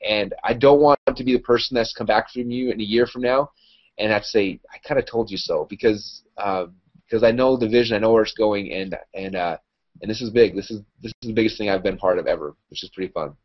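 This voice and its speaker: A man in a casual online hangout, talking excitedly and rambling through a promotional pitch with lots of fillers. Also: lo-fi sound. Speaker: internet marketer promoting an opportunity.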